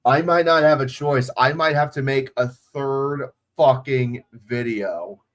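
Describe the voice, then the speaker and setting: Cursing, casual livestream host. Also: male voice, medium pitch, slow pace. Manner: profane, off-the-cuff, chatty. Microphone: phone.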